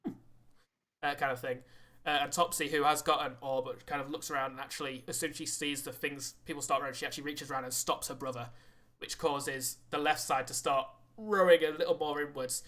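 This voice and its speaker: A man's voice: fairly high pitch, steady tone, brisk, a bit bright. A man narrating a tabletop game as game master, rambling with many fillers.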